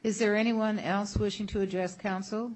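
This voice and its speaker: A woman's voice: medium pitch, steady tone, moderate pace. Woman chairing a council meeting, brief and procedural. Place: council chamber.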